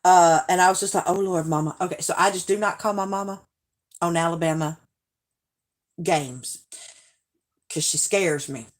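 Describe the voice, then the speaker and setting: A woman's voice: lowish voice, moderate pace, long pauses. A woman chatting casually on a live stream, reading viewer comments aloud and laughing often.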